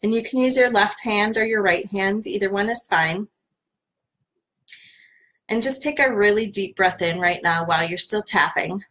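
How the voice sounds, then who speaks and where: A woman leads a live-streamed tapping session in a gentle, soothing voice. Her pitch sits in an ordinary middle range. She talks plainly, with frequent fillers, as she coaches listeners through the steps. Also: normal speed, low-quality recording.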